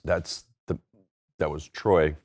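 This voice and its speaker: A man co-hosting a casual gaming chat, teasing his partner and quick to laugh. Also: extremely low pitch, steady tone, a little mellow, no room sound, clean studio sound. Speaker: co-host.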